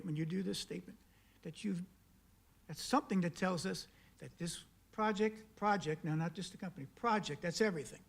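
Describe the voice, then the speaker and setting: Man, high voice, emphatic, questioning, council meeting public comment. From South Carolina. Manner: emphatic, questioning, repeats key words. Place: council chamber.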